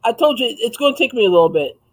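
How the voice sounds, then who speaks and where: A chatty man hosting a relaxed livestream, his voice pitched notably high. He reads viewers' comments aloud and answers them with easy laughter in a loose, conversational way. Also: fast, rough recording. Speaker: livestream host. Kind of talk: casual livestream chat.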